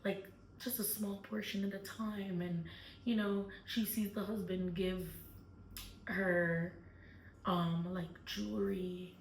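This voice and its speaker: A woman's voice: medium pitch, flat delivery, slow pace, a little hiss or hum. A woman recapping a book in a casual chat, telling the story with lots of fillers. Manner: chatty storytelling with many fillers. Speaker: book club host. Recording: echoey room, far from mic.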